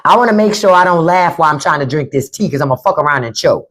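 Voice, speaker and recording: A woman hosting a casual livestream, talking bluntly and profanely with animated delivery. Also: deep voice, quick pace. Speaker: podcast host on a livestream.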